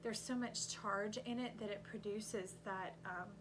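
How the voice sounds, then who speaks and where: A woman at an ordinary middle pitch talks through a tarot spread like a coach, urging the listener on. Now and then she breaks into loud, emphatic bursts. A faint hum sits under the recording. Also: measured pace. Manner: animated, coaching, voices the cards with sudden loud outbursts. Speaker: intuitive tarot reader. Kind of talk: tarot reading monologue.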